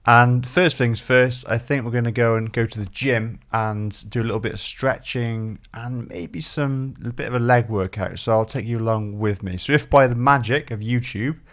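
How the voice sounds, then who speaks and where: A man's voice: medium pitch, steady tone, moderate pace, few pauses, fairly bright tone. A man vlogging casually to camera, chatty and self-deprecating. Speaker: motorcycle vlogger.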